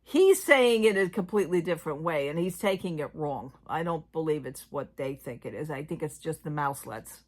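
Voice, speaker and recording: A woman's voice: low-pitched, lively intonation, fairly quick, hardly any pauses. A woman hosting a casual chat about theme park news, talking in loose, filler-heavy sentences. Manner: chatty, trailing off with fillers. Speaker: host.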